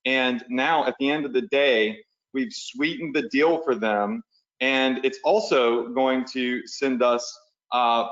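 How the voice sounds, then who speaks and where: A man's voice: mid-range voice, fairly bright tone. Casual man coaching a live webinar. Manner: casual, talks the viewers through steps while drawing on screen; conversational, uses "y'all" and "right?". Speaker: online business coach. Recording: slightly dull lo-fi webinar audio.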